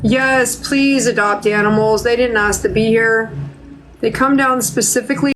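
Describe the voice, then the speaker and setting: Woman, psychic medium host, live stream chat, emotional, choked up, slightly high voice. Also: steady tone, moderate pace, background noise. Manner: emotional, chatty, talks straight to viewers; tearful, choked up.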